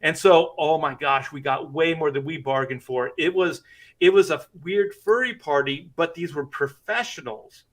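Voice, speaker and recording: A man's voice: a little high, moderate pace. A middle-aged man, a comic artist, telling a rambling anecdote in casual chat and laughing through it.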